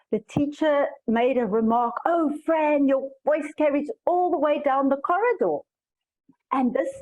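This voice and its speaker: A woman with a fairly high voice speaks as a coach on a panel, thoughtful and earnest, often breaking off and restarting her sentences. Her audio comes through a video call and sounds muffled and lo-fi. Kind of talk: answering a panel question.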